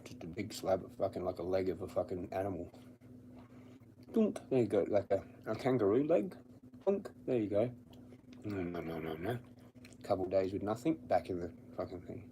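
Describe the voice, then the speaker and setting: Low, dark-voiced Australian guy, blunt and foul-mouthed, casual stream chat. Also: animated, a little fast, slight background noise. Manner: blunt, swears constantly, laughs at his own stories. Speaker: livestreamer. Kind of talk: casual rambling livestream chat. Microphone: streaming from home with the camera off.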